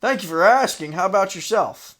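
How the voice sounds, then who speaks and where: A man's voice: high-pitched, animated, a little fast, fairly bright tone, voice pushed up. A man doing an impression of a folksy, hesitant old male politician who stammers as he speaks.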